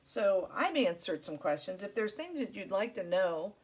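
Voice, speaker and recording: A woman's voice: mid-range voice, big pitch swings, moderate pace, a little mellow, breathy edge. Chatty woman hosting a crafting vlog. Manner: rambling, friendly, many fillers. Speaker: crafting channel host. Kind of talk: casual chat while crafting.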